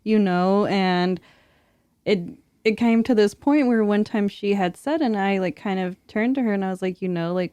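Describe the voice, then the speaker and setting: A woman's voice: medium pitch, normal speed, dark tone, clean tone, no room sound. A young woman, a mother, talking reflectively as a podcast guest in casual chat, with lots of filler words.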